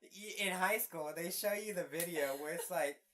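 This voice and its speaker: A woman's voice: fairly low pitch, moderate pace, noisy background. A young adult woman hosting a casual podcast chat, telling stories in a rambling way with lots of "like" fillers. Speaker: podcast host.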